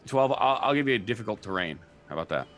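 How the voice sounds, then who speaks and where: A game master with a fairly low voice, talking in an easygoing, halting way and often restarting his sentences. Soft music plays faintly underneath. He rules on checks in plain, casual terms. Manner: relaxed, halting, many restarts. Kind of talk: running a tabletop game.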